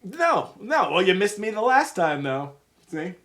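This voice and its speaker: Guest banterer: man, teasing and mock-offended, lively up-and-down delivery, video call. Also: sits high, measured pace. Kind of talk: casual chat.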